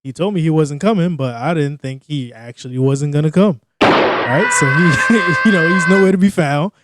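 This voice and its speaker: A man's voice: a little high, normal speed, heavy background noise. A man, co-hosting a podcast, telling a story in a laid-back, slangy way and often chuckling. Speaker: podcast co-host. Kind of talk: casual comedic storytelling.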